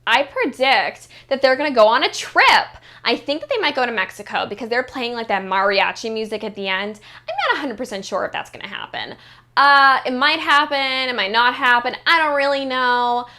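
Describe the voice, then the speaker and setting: A woman with a bright, slightly high voice delivers a casual reality-show recap. She talks bluntly and swears freely, mocking the cast with sassy asides. Her speech is full of "like" fillers. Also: animated, fairly quick, few pauses. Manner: blunt and profane, heavy use of "like".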